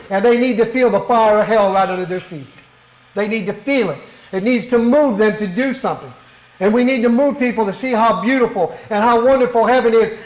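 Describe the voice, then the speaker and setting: A man's voice: high-pitched, reverberant, rough recording. A middle-aged man preaching a sermon in a church, fervent and emphatic, often asking the congregation rhetorical questions. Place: church worship hall.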